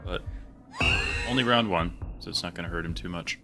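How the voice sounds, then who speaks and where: A man casting a competitive geography game, giving calm, analytical commentary. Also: low-pitched, a little fast, over loud music. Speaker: esports caster.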